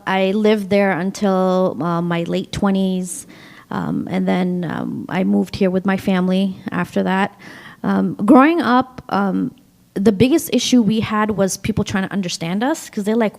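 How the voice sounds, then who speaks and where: A woman's voice: mid-range voice, measured pace, gravelly, a little mellow. A woman in her thirties from Afghanistan with a New York accent, speaking as a panelist in a chatty way, with frequent ums and laughs. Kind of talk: panel discussion. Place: synagogue hall.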